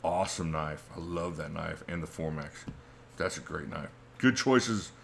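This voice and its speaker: Chill middle-aged guy, deep voice, chatting w his stream, laughs a lot. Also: little pitch movement, normal speed, vocal fry, a little hiss or hum. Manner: laid-back, chatty, laughs often. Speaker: livestream host. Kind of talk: casual live chat reading comments.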